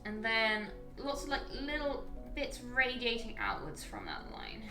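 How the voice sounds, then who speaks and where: A woman's voice: on the high side, wildly swooping pitch, unhurried, roomy sound, music in the background. A woman chatting casually and thinking aloud as she walks viewers through a live painting stream. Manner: chatty, thinking aloud while working, frequent ums.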